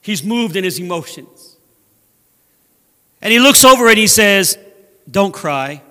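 A man preaching a sermon as a guest speaker in a church, animated and acting out voices from scripture. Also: sits high, unhurried, long reverb tail. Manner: animated, acts out scripture voices, laughs at own jokes. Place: church sanctuary.

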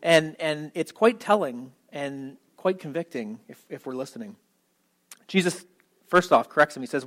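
A man's voice: on the high side, expressive, moderate pace, a bit bright, low-quality recording. A male pastor giving a conversational sermon, talking casually and animatedly with frequent asides and check-ins to the listeners.

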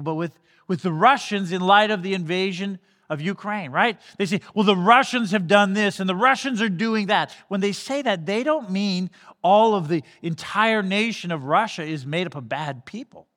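In a large hall, a pastor with a high, fairly bright voice preaches conversationally. He often restarts phrases and briefly acts out the people he quotes.

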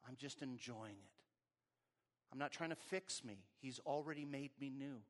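A man preaching a sermon as pastor, with rising emphasis and a quiet prayer. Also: medium pitch, moderate pace. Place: church service, also streamed online.

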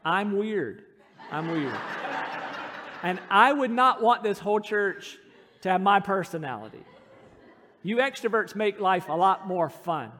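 A man's voice: high-pitched, lively intonation, measured pace, long pauses, sharp tone, big-room sound. A middle-aged man preaching a sermon as pastor, telling stories in an earnest, self-deprecating way. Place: church sanctuary.

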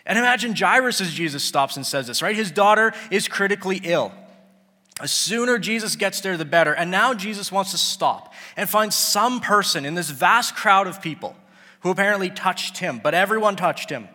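A man's voice: high voice, expressive, normal speed, bright, forceful tone. A man preaching a sermon, who talks casually and acts out the people he quotes. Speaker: pastor. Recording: long hall reverb.

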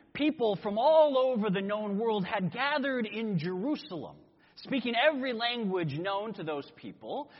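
A man preaching a sermon, telling a story in an animated way and acting out voices. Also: sits high, husky. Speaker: pastor. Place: church sanctuary. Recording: echoey hall, dull lo-fi sound.

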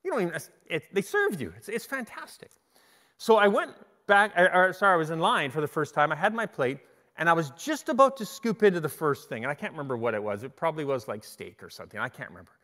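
A middle-aged man preaching a sermon, telling stories in an animated way and often restarting his sentences. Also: fairly high pitch, fast. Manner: animated storytelling with repeated restarts. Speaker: pastor. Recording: long hall reverb.

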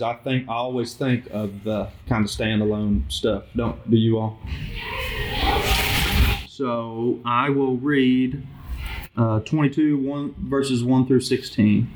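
A man leading a small group Bible study, reading scripture aloud and commenting in a conversational, halting way with frequent restarts. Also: medium pitch. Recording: noisy amateur recording with clicks.

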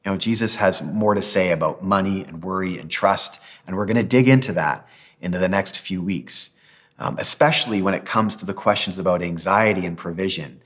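A man preaching a sermon as pastor, earnest and gentle, ending in a prayer. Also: low voice, brisk.

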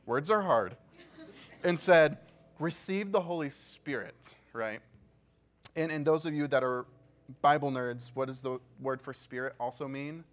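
Unhurried and mid-range, a man's voice guides a Bible study. Between scripture readings he drops chatty, joking asides, often says "like," and checks in with the group through questions.

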